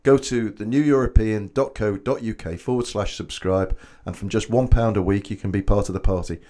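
A man co-hosting a casual podcast, with a fairly low voice. He tells anecdotes in a chatty, easygoing way. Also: fairly even intonation, a little fast, warm tone. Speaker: podcast co-host. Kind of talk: casual chat.

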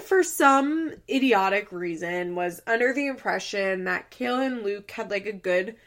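Young woman with a gravelly, chatty delivery. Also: medium pitch, animated, unhurried, few pauses, a bit bright. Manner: chatty, heavy use of "like", laughs as she talks. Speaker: podcast host. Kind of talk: casual reality TV recap.

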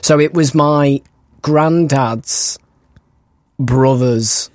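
A man, co-hosting a podcast and telling stories in an excitable, chatty way with frequent laughs. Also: medium pitch, very slow, no room sound. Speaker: podcast co-host. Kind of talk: casual chat.

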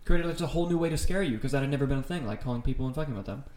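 A man's voice: medium pitch, very fast, a loud crowd. Enthusiastic man in an echoey room. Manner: enthusiastic, rambling, swears freely. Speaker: podcast co-host. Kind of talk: casual chat about horror films. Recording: roomy echo.

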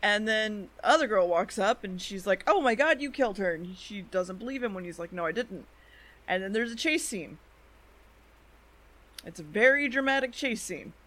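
A woman co-host recaps anime episodes in casual podcast chat. She talks in a loose, chatty way, dropping fillers and quick quoted asides from the characters. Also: mid-range voice, expressive, a bit bright.

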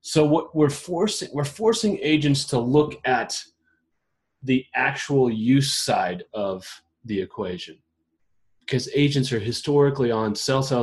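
A man hosting a casual roundtable talk, reading questions off a list and reacting to each with amused asides. His voice sits at an ordinary middle pitch for a man. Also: moderate pace. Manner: reads questions aloud with amused, laughing commentary. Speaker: podcast host.

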